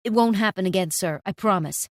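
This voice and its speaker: A woman voicing a pompous male cafe manager who shouts at everyone, then begs, in a storytime narration. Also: medium pitch, brisk, dry recording, studio quality, lightly acted. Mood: groveling. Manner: shouting, blustering then pleading.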